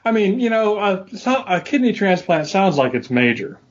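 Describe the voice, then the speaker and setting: A man's voice: high voice, big pitch swings, normal speed. Wry man telling a story. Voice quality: dry, wry humor. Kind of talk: casual storytelling chat. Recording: dull lo-fi audio.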